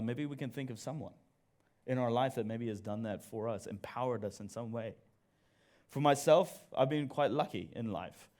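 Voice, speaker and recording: A man giving a church sermon, telling a personal story in an animated way and joking about himself as he speaks to the congregation. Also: mid-range voice. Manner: animated storyteller, jokes at own expense, addresses audience. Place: church service.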